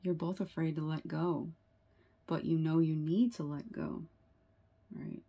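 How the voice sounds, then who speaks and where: A woman's voice: low-pitched, steady tone, unhurried, gravelly, mellow. A woman giving a tarot reading to her viewers, earnest and sympathetic, often asking "right?" and using fillers. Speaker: tarot reader.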